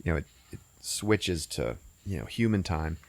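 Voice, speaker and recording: A man's voice: deep voice, expressive, normal speed, gravelly, no echo. A man hosting a podcast, rambling and swearing as he recaps a movie. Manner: rambling, laughing, profane. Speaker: podcast host.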